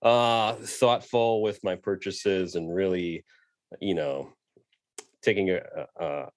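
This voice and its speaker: Male panelist, 30s, very low voice, casual and self-deprecating, dry recording. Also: fairly even intonation, slow, no echo. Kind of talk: virtual panel discussion.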